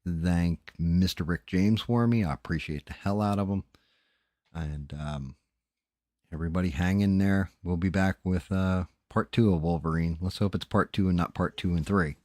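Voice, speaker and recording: A man's voice: low voice, moderate pace, a little mellow, dry recording, studio quality. A man hosting a casual late-night livestream, tired and rambling, with loose, profane talk. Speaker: livestream host.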